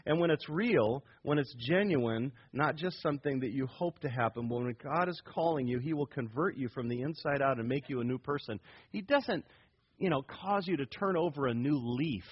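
A man's voice: sits high, breathy edge. A man preaching an evangelical sermon, emphatic, with big swings in volume and playful asides. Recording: dull lo-fi recording.

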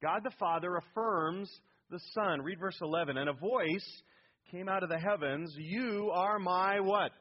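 A middle-aged man delivers an expository sermon, pushing hard on key words and quizzing his listeners. His voice sits a little high and sounds husky. The recording is dull and lo-fi, like an old radio broadcast. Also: measured pace. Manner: emphatic, rising loud on key words, asks the congregation questions. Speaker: pastor.

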